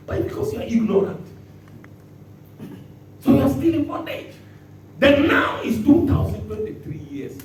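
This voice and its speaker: A man preaching a sermon as pastor, bursting into shouts and acting out the words he quotes. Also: extremely high pitch, moderate pace, pauses often, background noise. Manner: animated preaching with sudden shouts and dramatic quotes. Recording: echoey hall from far off.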